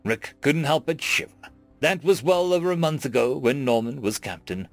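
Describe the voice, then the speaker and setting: A man reading a humorous science fiction story aloud in a wry, expressive storytelling manner. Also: mid-range voice, moderate pace, soft background music. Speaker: story narrator. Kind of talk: scripted narration.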